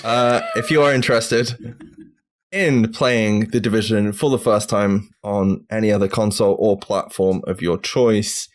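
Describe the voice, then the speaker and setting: A man's voice: fairly low pitch, fairly even intonation, measured pace. A man from the UK hosting a casual gaming podcast with friends, running the segments and swearing freely in the banter. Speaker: podcast host.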